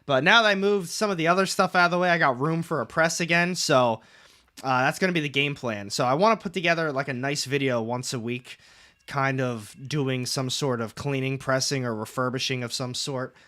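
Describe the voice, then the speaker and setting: A man's voice: mid-range voice, fairly quick, pushed and bright. A young man hosting a casual comics livestream, rambling, reading chat aloud and swearing casually from his room at home.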